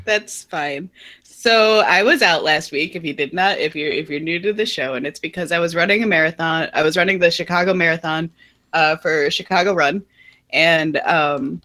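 A woman's voice: low-pitched, normal speed, pushed and bright. A woman co-hosting a podcast, chatty and self-mocking, telling a personal story with frequent laughs. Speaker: podcast co-host. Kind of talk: casual chat, storytelling.

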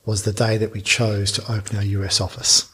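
A man, a business founder telling a long anecdote in a podcast interview, lively and full of restarts. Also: lowish voice, a little fast, husky. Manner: animated anecdote telling with frequent restarts and laughs.

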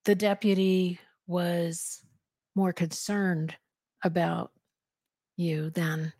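A woman co-hosting a podcast, reading a novel chapter aloud and then discussing it in a measured, thoughtful way. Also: fairly low pitch, flat delivery, mellow, slightly rough, no echo, studio quality. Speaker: podcast co-host and reader.

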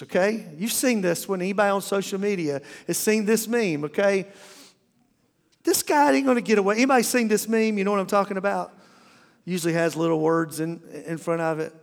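High-voiced male pastor preaching in a hall. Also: creaky. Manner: folksy, humorous preaching with repeated restarts. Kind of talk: sermon. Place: church auditorium. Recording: long reverb of a church hall.

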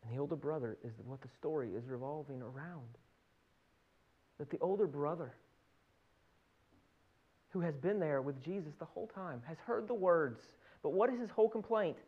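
A man's voice: a little high, normal speed, pauses often. A male pastor teaching in an earnest sermon, often repeating words as he builds a point. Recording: dull lo-fi sound.

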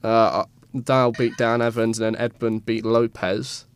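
A man's voice: mid-range voice, little pitch movement, measured pace, smooth. A man co-hosting a casual sports podcast, rambling and stumbling over player names with self-mocking asides.

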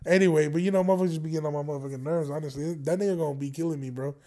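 A man's voice: on the high side, fairly even intonation, very fast, warm tone. A young man telling a casual, rambling story to his viewers, swearing freely and breaking into laughter. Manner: rambling, profane, laughs often between jokes. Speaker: vlogger.

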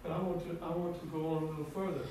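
A man preaching a sermon, sprinkling in "amen" and building to a pleading, fervent pitch. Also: little pitch movement, very fast, background noise. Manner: rising to high, pleading fervor with frequent "amen". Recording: echoey distant room sound.

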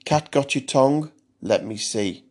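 A sinister grown man murmurs with false, fatherly sweetness, leering and cooing as he corners his prey, put on by a male storyteller. The voice stays soft and gloating, like a predator pretending to be gentle. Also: mid-range voice, lively intonation, a little slow, husky. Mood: menacing. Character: menacing well-dressed man, cooing predator.

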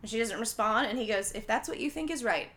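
A young woman on a podcast, chatting casually and retelling a film's plot, acting out the characters' lines with big jumps in her voice. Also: fast talker. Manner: acts out characters' lines with lively pitch jumps. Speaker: podcast host recapping a film. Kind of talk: casual chat, animated retelling.

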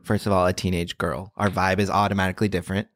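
A man's voice: low voice, flat delivery, quick pace, fairly bright tone, no echo. A young man in his twenties chatting casually as a podcast guest, rambling with lots of likes and restarts.

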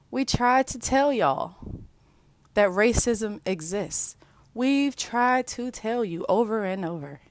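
Woman, weary earnest monologue, unhurried delivery, dry close sound. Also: a little high, no room sound.

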